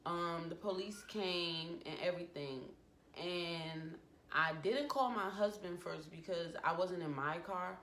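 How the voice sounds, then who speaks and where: Woman, 20s, vlogger, emotional storytime with acted quotes; lowish voice, roomy echo. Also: a bit bright. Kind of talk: personal storytime vlog. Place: home room. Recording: echoey room with faint background noise. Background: family noise from downstairs.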